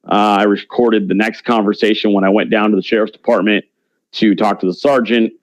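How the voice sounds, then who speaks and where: A man's voice: lowish voice, level tone, brisk, slight background noise, low-quality recording. A man talking as an interview guest in a blunt, brash, slangy way. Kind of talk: casual interview talk.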